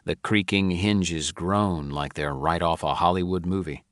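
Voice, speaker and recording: Deep-voiced male audiobook narrator. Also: measured pace, fairly bright tone, no echo, clean studio sound. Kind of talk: first-person audiobook narration.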